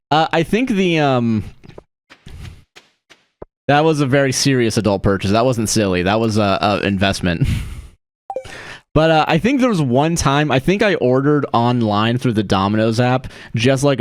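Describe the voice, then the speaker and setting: A man's voice: medium pitch, no echo. Laughing young man streaming a farming game. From Florida. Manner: rambling, laughing often, swearing freely. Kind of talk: casual livestream chat while gaming.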